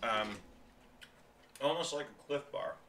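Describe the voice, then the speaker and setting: A man's voice: mid-range voice, a little slow, bright, forceful tone, slight background noise. A man casually reviewing food on a stream, rambling and chatty, often talking while he chews.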